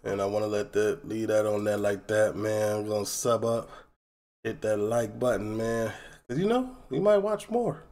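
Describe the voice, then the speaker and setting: A man's voice: fairly low pitch, moderate pace, a little mellow. A man from Chicago hosting a reaction video, laid-back and dropping wry asides. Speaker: reaction channel host. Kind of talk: casual reaction commentary.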